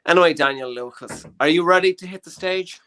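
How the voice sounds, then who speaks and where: A young Irish man with an Irish accent hosting a comedy show, playful and quick to laugh. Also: fairly high pitch, background noise. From Ireland. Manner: playful, laughs a lot, mocking voices. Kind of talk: casual online chat.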